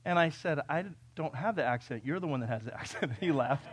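A man from California preaching a sermon, reading scripture and telling stories, swinging between loud, urgent peaks and quiet, conversational asides. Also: on the high side, lively intonation, fast, breathy edge. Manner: conversational storytelling with fillers and restarts. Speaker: pastor.

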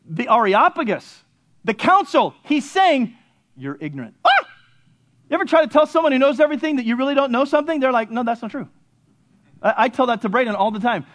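A man in his fifties preaching a fervent sermon as pastor, swinging between soft, low passages and loud, rising appeals. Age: 50s.

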